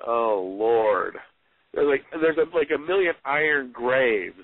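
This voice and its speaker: A man's voice: medium pitch, animated, takes it slowly. A man in casual chat, reading aloud from his book and telling wry, rambling stories. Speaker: author guest. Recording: tinny phone-like, dry sound.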